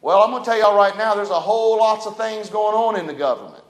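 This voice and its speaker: High-voiced preacher in an echoey church. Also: male voice, fast. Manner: folksy, dynamic preaching with big swings in loudness. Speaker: pastor. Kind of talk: sermon. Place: church sanctuary.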